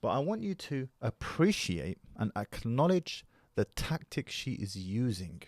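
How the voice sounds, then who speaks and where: A man hosting a commentary channel who lectures his audience at a measured pace. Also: mid-range voice, very animated, no room sound, studio quality. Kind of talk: commentary video monologue.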